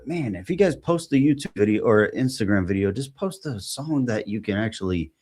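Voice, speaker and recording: A man hosting a solo podcast, reading posts aloud and thinking out loud in a halting, rambling way with plenty of fillers. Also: fairly low pitch, lively intonation, slightly rough. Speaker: podcast host.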